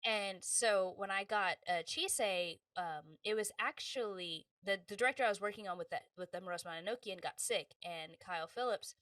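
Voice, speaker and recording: A woman voice actress, a guest on a podcast interview, telling stories in a lively, casual way and acting out the people she quotes. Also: medium pitch, normal speed, hardly any pauses, no room sound, distant mic. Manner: animated, acts out quoted voices, laughs often.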